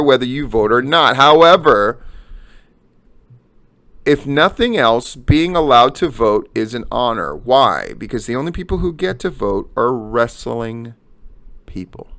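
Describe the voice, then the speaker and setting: A middle-aged man, hosting a news and commentary show and ranting with heavy swearing. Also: mid-range voice. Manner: heavy swearing, emphatic and animated.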